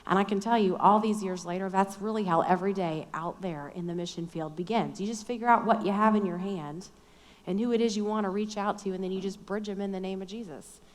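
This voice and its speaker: A woman's voice: medium pitch, brisk. A middle-aged woman telling a personal story in a chatty, self-deprecating way at a Christian conference. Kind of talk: storytelling sermon talk. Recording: long hall reverb.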